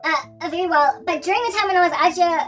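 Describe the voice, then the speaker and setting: A woman's voice: very high-pitched, fast, a bit bright, distant mic, soft background music. A woman rambling animatedly in a casual vlog chat, now and then breaking into snatches of song. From South Africa. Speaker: Christian vlogger.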